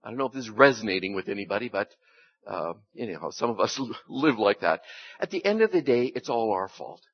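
With a fairly low, sing-song voice and a slightly fast pace, a male pastor preaches conversationally. He's folksy and frequently poses rhetorical questions to his congregation, and the recording is dull and lo-fi.

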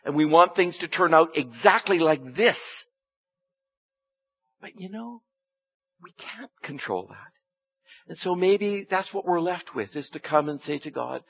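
A male pastor preaches in a folksy, conversational way, often turning to the congregation with rhetorical questions. His voice sits a little high and is somewhat husky. The recording is dull and lo-fi. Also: lively intonation, a little slow, pauses often. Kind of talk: conversational sermon.

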